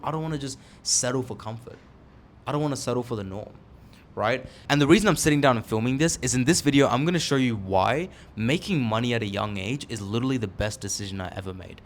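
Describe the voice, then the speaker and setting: A young man in his twenties talks to his own camera from a seat, casual and candid but pressing each point hard. His voice sits in an ordinary middle register. A light background noise runs beneath him. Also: medium pitch. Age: 20s. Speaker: online entrepreneur vlogger. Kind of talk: motivational talk to camera. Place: seated indoors, filming himself.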